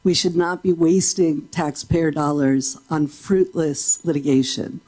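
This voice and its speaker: Woman, warm lower voice, measured public comment at a board meeting. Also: low-quality recording. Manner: measured and reasoned. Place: school board meeting room.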